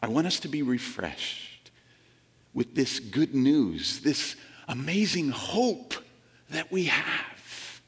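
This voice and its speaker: A man preaching a sermon in an earnest way, slowing down and dropping low as he reads scripture and lifting his voice to stress a point. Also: sing-song, a bit bright, slightly rough, big-room sound. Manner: earnest, slows and drops low on scripture, lifts for emphasis. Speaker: pastor.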